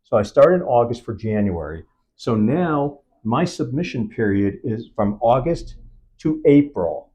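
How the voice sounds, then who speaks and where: A man's voice: medium pitch, big pitch swings, measured pace, warm tone. A man, a film producer, talking in an on-set interview and acting out quoted dialogue as he tells his story. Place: event set.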